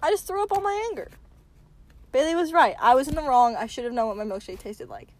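High, lively woman bickering playfully. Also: fast talker. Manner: playful, giggly, loudly indignant. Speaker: podcast co-host. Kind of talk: casual mock argument.

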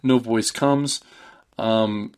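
A man's voice: on the low side, extremely slow, clear, resonant tone. Rambling man recapping a movie. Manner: rambling, loose, lots of "like" and "um", animated retelling. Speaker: podcast host.

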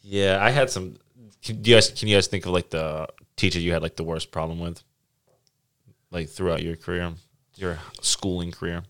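A man's voice: low voice, normal speed, clean tone. A young man hosting a podcast, telling stories animatedly and swearing freely in casual chat. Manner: animated storyteller, swears freely, acts out quotes. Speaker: podcast host.

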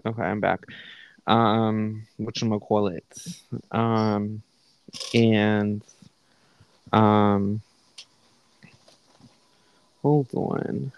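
A man's voice: fairly low pitch, steady tone, extremely slow, long pauses, clean tone, lo-fi sound. A young man hosting a podcast at home, casually retelling a conversation with profane, candid asides. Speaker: podcast host. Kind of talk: casual storytelling. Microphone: live online call setup.

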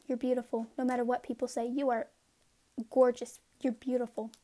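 A woman's voice: a little high, flat delivery, fairly quick, warm tone. A woman giving a casual devotional talk. She reads scripture passages aloud in an earnest way and breaks off for informal asides to her listeners. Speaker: devotional speaker.

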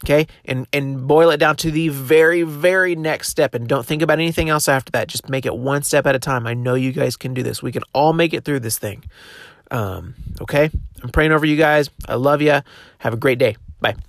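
A man's voice: a little high, a little fast, no room sound, clean studio sound. A young man hosting a devotional podcast, talking in a casual, encouraging way with plenty of fillers and restarts. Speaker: podcast host.

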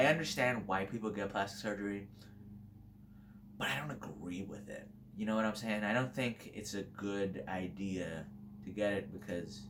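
Young guy ranting solo on his podcast, kinda low voice, crude and offhand, faint hum behind. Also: a bit bright. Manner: blunt, rambling, crude and flippant, laughs often. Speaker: podcast host. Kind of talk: casual solo podcast monologue.

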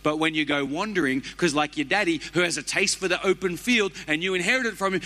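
A man, preaching a sermon as a pastor with animated, humorous storytelling. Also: sits high, brisk, few pauses.

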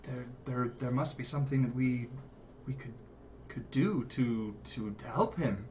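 A man's voice: mid-range voice, a little slow, darkish tone, slight background noise. Man player, stammering urgent questions. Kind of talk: playing a character in a tabletop game.

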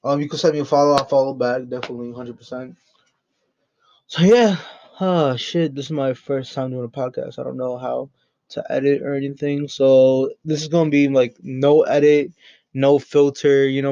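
It's a man's first podcast, and he riffs alone with no script, joking and swearing as he rambles along. His warm, mid-range voice keeps a fairly even intonation at normal speed, captured in a flat, lo-fi recording.

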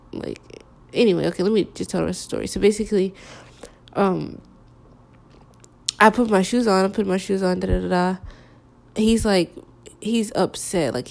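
A young woman telling a candid personal story in a halting, hesitant way, full of filler words. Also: medium pitch, gravelly, darkish tone.

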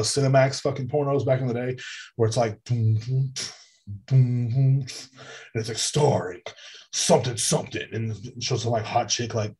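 A man hosting a podcast, ranting with loud, profane exasperation in a comedic monologue. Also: medium pitch, breathy edge. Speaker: podcast host. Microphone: podcast mic.

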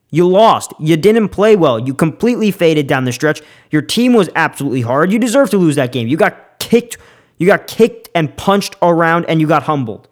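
Worked up about football, this young man hosting a sports podcast rants with strong opinions in a voice pitched a little above average. His speech is quick and loose, full of repetitions and restarted sentences, and it sounds like casual, unscripted podcast talk. The intonation is lively.

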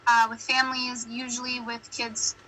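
Bright-voiced chatty American woman. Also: a little high, flat delivery, slight background noise, low-quality recording. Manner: chatty, laughing, quick storytelling. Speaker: podcast guest. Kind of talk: casual chat.

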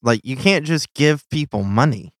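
A man's voice: medium pitch, animated, normal speed, no echo, clean studio sound. A man co-hosting a casual political podcast, frustrated and worked up, swearing as he vents. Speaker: podcast co-host. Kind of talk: heated casual political chat.

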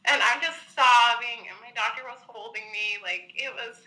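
A woman's voice: a little high, steady tone, moderate pace, bright, forceful tone, poor audio. A young woman telling a personal story in a chatty way, full of filler words, acting out what people said. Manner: chatty, many "like" fillers, acts out quotes. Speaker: guest.

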